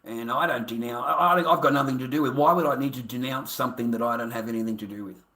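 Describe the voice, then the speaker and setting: A man's voice: mid-range voice, quick pace, pushed and bright, echoey room. An Australian man livestreaming an angry, profane, combative rant at his viewers.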